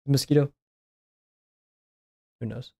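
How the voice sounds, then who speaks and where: A man's voice: mid-range voice, steady tone, slow pace, creaky, darkish tone, slightly rough, no echo, studio quality. A man chatting casually while he draws on a stream, rambling with lots of fillers and restarts. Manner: rambling, filler-heavy musing. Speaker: art streamer. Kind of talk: casual chat while drawing.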